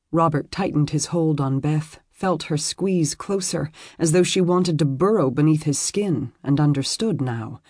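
An audiobook narrator reading a historical romance in steady, measured storytelling. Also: mid-range voice, no echo, clean studio sound.

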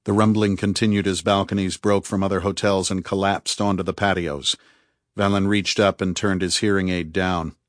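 A man giving measured, grave scripted narration of a novel as audiobook narrator. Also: low voice, level tone, dry recording, studio quality.

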